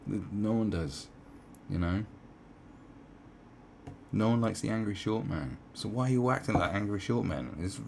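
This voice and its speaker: A man's voice: rumbling low, background noise. A man giving sarcastic, profane commentary as he reads an article aloud, with mocking asides. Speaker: online commentator.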